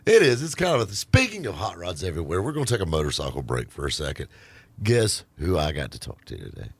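A man hosting a radio show, chatting casually and telling stories with a joking, animated delivery in a studio. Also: sits low, fast talker, slightly rough, no room sound. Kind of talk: casual on-air banter.

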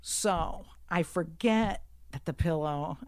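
A woman telling a story in casual chat, brash and profane, swinging from hushed asides to shouting. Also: fairly low pitch, slow pace, no room sound, studio quality.

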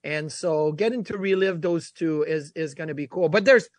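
A man's voice: on the high side, normal speed, dry recording. A man hosting a sports talk show, talking casually and with energy about past games. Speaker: sports radio host.

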